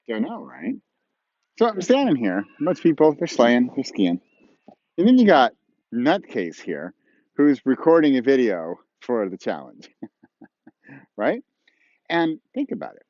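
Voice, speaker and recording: An animated man teaches a writing lesson outdoors, playfully acting out voices and questions with a lively, swooping pitch. The sound is dry and a little dull, as if from a small camera mic. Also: unhurried, pauses often, dry recording. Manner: playful, acts out tones and imagined dialogue. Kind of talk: casual outdoor video lesson. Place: outdoors on a snowy slope with skiers passing.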